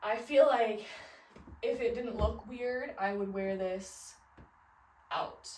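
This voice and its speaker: Speaking slowly in a mid-range voice with a darkish tone, a thirtysomething fashion vlogger from the Midwest chats about outfits from her closet. She rambles, laughs often, and leans on fillers. Faint hiss or hum is present, and the audio is roomy, a bit distant from the mic.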